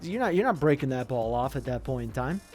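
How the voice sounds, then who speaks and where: Young guy yelling at his football game players, slangy and hyped, middle-pitched voice, faint music behind. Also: quick pace. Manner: excitable, talks to players on screen, slangy. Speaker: gaming commentator. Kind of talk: casual gameplay commentary.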